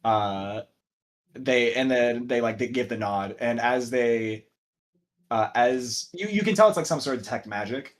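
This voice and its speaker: A man's voice: medium pitch, a little slow. A young man narrating a tabletop game as game master, rambling with fillers and restarts.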